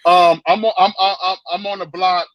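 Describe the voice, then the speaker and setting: A man telling a story in a casual chat, animated and profane, with lots of stammered restarts, on dry lo-fi stream audio. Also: high-pitched, moderate pace, dry recording. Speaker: guest.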